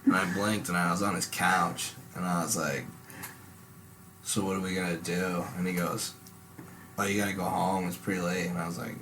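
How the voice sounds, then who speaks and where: Low-voiced young man, casual rambling story, lots of swearing, faint background noise. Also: level tone, normal speed. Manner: rambling, swears a lot, bursts into loud high impressions. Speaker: podcast host.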